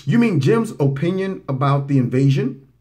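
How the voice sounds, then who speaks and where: A man hosts a political commentary show, answering clips with mockery. His voice sits a little high and swings widely, jumping up for sarcastic impressions. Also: moderate pace. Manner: animated, mocking, swoops into high voices for impressions.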